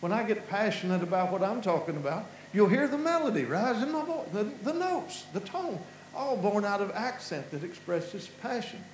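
A man from Kentucky with an Appalachian accent delivers a passionate, sermon-style talk in a high voice that climbs as his feelings swell, very animated. He's impassioned but halting, repeating words and starting over. The recording sounds spacious and echoey, with a faint hum beneath it.

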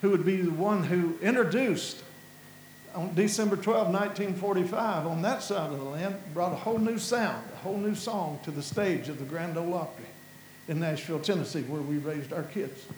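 A man's voice: sits high, normal speed, a little mellow, roomy sound, a little hiss or hum, poor audio. A man from Kentucky with an Appalachian accent, giving an impassioned sermon-style talk, repeating words and restarting as his voice rises with feeling. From Kentucky, USA.

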